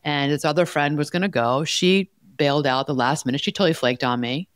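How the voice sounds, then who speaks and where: A woman's voice: sits low, fairly quick, no echo, clean studio sound. A woman co-hosting an advice podcast as a life coach, talking in an emphatic, direct way and telling stories with animation.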